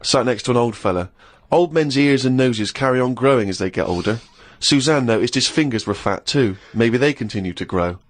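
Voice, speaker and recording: A man co-hosting a comedy chat show, reading a diary aloud in a deadpan way. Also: medium pitch, fairly quick, hardly any pauses. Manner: deadpan reading, breaking into laughter.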